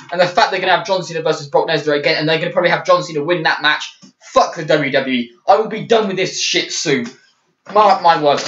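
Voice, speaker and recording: A man's voice: a little high, fairly bright tone. A young man ranting about a show in an angry video review, swearing and restarting his sentences. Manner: heated, swearing, frequent restarts. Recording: echoey room, dull lo-fi mic.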